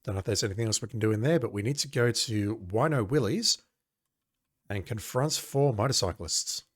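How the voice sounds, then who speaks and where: A man's voice: on the low side, animated, brisk, breathy edge, dry recording. Wry man playing an old game. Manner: wry, sarcastic asides. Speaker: let's play gamer. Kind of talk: casual game commentary, reading game text aloud.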